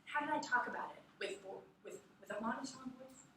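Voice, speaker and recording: Woman teacher, bright tone, quizzes the class, echoey room from far off. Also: a little high, brisk, slight background noise. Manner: lively, asks the class questions. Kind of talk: classroom lecture.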